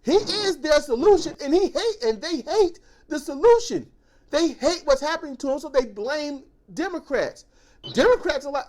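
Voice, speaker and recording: Ranting woman with a high voice. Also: normal speed, poor audio. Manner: animated ranting, mimicking others in quotes. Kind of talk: casual political discussion.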